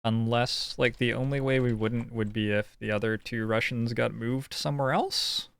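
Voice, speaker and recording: A man's voice: medium pitch, steady tone, moderate pace, gravelly, a bit bright, clear, resonant tone, no echo. A man streaming a puzzle game, thinking aloud in casual, musing commentary. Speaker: gaming streamer. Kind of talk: casual let's-play commentary.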